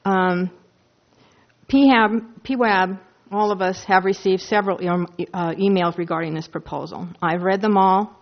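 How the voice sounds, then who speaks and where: A woman's voice: medium pitch, steady tone, unhurried. A woman in her sixties speaking earnestly and emphatically as a board member at a public meeting, asking rhetorical questions. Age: 60s. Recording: dull lo-fi meeting recording.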